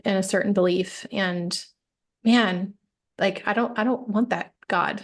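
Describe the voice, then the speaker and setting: A woman's voice: medium pitch, fairly even intonation, a little slow. A woman coach talking as a podcast guest, reflective and emphatic, often checking in with "right?". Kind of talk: casual interview chat.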